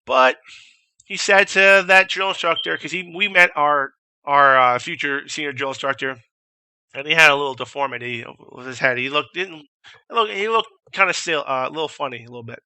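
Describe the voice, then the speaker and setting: Young male vlogger, profane storyteller, slightly high voice, tense edge; loud impressions of shouted orders. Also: moderate pace, clean tone, no echo. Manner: profane, animated, imitates drill instructors shouting. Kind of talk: casual storytelling.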